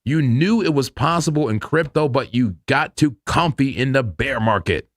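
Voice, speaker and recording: A man's voice: mid-range voice, animated, moderate pace. Chatty, laughing crypto stream host man. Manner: loose and chatty, laughs often, slangy. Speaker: crypto trading livestream host. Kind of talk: casual live market commentary.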